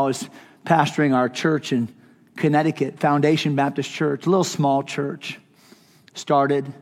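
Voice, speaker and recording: A middle-aged male pastor tells stories from the pulpit in an impassioned, conversational way, with a light humorous edge. His voice sits high for a man. It carries on a stage microphone with a long reverb off a large hall. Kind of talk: sermon storytelling. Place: conference hall.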